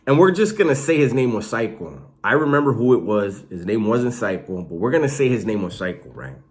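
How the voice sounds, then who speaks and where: A man casually telling stories about prison life in a slangy, animated way, swearing freely. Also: fairly low pitch, brisk. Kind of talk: casual storytelling.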